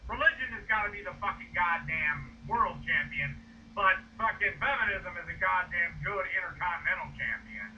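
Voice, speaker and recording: A man ranting loudly and profanely, mocking his opponent. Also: sits high, animated, moderate pace, recorded from a distance, highs cut off, slight background noise. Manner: loud, profane, mocking rants. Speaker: video creator being rebutted. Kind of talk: ranting commentary.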